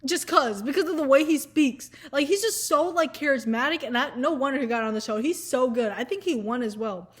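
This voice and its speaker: A young woman talking casually to camera in an animated, profane rant, sometimes mocking people in put-on voices. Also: high-pitched, brisk, few pauses. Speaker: vlogger. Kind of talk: casual ranting chat to camera.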